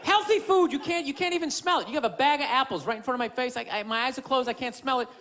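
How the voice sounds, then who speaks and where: A man's voice: very high voice, quick pace, sharp tone. A male stand-up comedian, profane and rambling, tossing rhetorical asides to the audience. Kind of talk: stand-up routine. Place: comedy club stage with live audience. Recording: live club audio with crowd noise.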